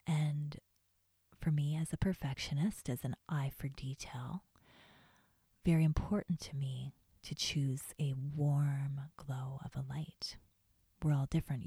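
A woman podcast host talking quietly about her own life in a soft, mostly whispered voice, close to the mic. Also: deep voice, slightly rough, no echo. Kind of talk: whispered personal reflection.

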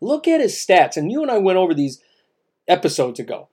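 A man's voice: high voice, huge pitch swings, fairly quick, darkish tone, breathy edge. A man co-hosting a casual sports podcast, emphatic and repetitive, with many restarts. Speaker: podcast co-host.

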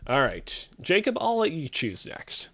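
A man's voice: a little high, huge pitch swings, measured pace, sharp tone. A man hosting a trivia game show, reading clues with a theatrical, teasing quiz-host delivery.

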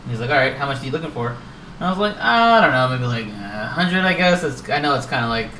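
Podcast co-host, male, lively storyteller who voices quotes and laughs; echoey room, mic set back. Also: mid-range voice, quick pace, far from the mic, a little hiss or hum. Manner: animated storytelling, acts out quotes, swears, laughs often. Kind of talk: casual chat about collectibles.

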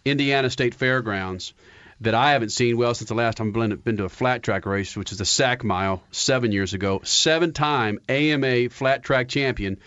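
A man hosting a motorsports radio show, loud and brash, joking and hyping guests. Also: mid-range voice, normal speed, lo-fi sound. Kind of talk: energetic motorsports radio banter. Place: radio studio.

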